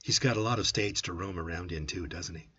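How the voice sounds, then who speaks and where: A man's voice: sits low, a little fast, bright, forceful tone, breathy edge, dry recording, full character voice. A man reading an audiobook, voicing a frightened young woman in a bar who asks nervous questions. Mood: wary. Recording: dull lo-fi audiobook recording.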